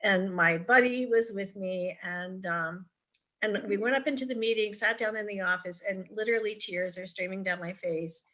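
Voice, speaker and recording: A middle-aged parent advocate talks on a video call, her mid-range, slightly bright voice moving at normal speed. She offers advice in a chatty, story-driven way for a virtual forum, with frequent ums and false starts.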